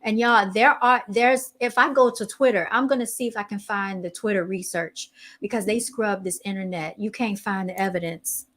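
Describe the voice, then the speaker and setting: Woman podcast host, mid-pitched, animated and chatty, casual talk. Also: moderate pace, hardly any pauses. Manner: chatty, animated, reads posts aloud while searching online. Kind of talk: casual chat.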